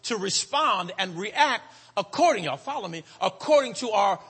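In a church, a man delivers a sermon with rhythmic cadence, stretching out words for emphasis and often calling out to the congregation. His voice sits high and is bright, forceful and slightly rough, with lively intonation. A long hall reverb fills the recording.

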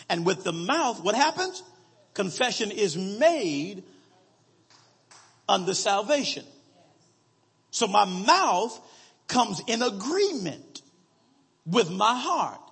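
A man preaching a sermon, slowly reading scripture aloud and calling out to his congregation for answers. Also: high-pitched, big pitch swings, a bit bright, slightly rough, in a large hall.

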